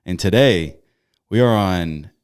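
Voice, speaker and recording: Deep-voiced upbeat man hosting a podcast. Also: slow, smooth. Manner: upbeat, energetic, jokey. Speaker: podcast co-host. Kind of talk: casual podcast chat.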